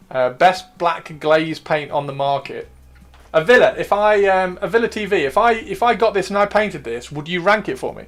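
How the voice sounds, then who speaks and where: A man's voice: high voice, expressive, normal speed, fairly bright tone. A man hosting a casual livestream, chatting and joking in a rambling, playful way and repeating himself as he talks. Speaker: livestream host.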